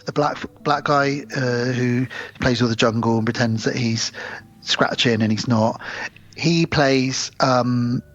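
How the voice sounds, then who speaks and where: A man's voice: medium pitch, steady tone, takes it slowly, fairly bright tone, dull audio. A man co-hosting a podcast, retelling film scenes at length in casual chat. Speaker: podcast co-host.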